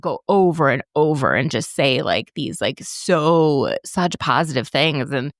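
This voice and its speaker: A woman's voice: low-pitched, lively intonation, a little slow, no room sound, studio quality. A woman in her thirties co-hosting a podcast, telling family stories in casual chat and laughing often. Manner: chatty storytelling, laughs often. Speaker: podcast co-host.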